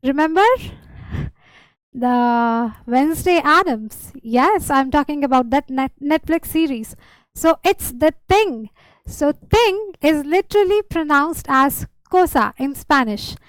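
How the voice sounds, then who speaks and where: A woman's voice: high voice, animated, no room sound, rough recording. Woman teacher, repeats simple examples, dry close sound. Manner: patient, slow, repeats words and gives examples. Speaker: language teacher. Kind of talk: explaining a beginner lesson.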